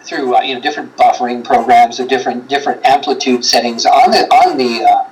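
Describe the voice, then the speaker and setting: A man's voice: medium pitch, a little fast, slight background noise, rough recording. A man telling a story as a guest on a paranormal talk show, rambling with many fillers and acting out quotes. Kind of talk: animated storytelling in a livestream chat.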